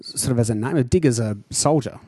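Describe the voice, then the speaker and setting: A man's voice: medium pitch, fairly quick, mellow, breathy edge, dry recording. A man with an Australian country drawl, chatting casually and teasing in a laid-back, dry way as a podcast co-host. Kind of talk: casual chat.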